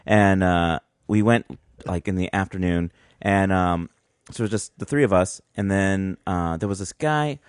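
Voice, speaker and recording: A man's voice: sits low, moderate pace, clear, resonant tone, no room sound, clean studio sound. A man from California on a podcast, telling a story with lots of laughing and acting out the other people's voices. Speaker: podcast host. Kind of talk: casual chat, storytelling.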